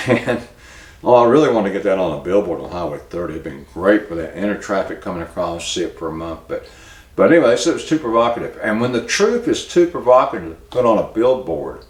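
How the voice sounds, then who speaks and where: A man hosting a local news commentary show, talking in a plainspoken, halting way and cueing a producer to put up pictures. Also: fairly low pitch, reverberant. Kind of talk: casual spoken commentary.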